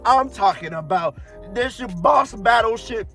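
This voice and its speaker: A man giving an excited, slangy spoken film review, rambling and breaking into laughs and shouts. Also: extremely high pitch, unhurried, soft background music. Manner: slangy, rambling, restarts mid-sentence. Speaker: anime reviewer.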